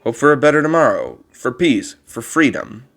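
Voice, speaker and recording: A man performs a kindly old male monster looking after a child, reading game dialogue in a strained, put-on voice pitched above his own, with vocal fry. His mid-range delivery is very animated and moderately paced; the monster is wistful, gentle, formal, and given to rambling.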